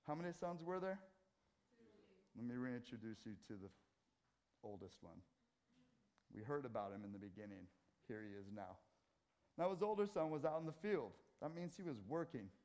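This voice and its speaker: A middle-aged man preaching a sermon in a church, swinging from loud scripture readings to quiet asides. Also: a little high. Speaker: pastor. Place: church sanctuary.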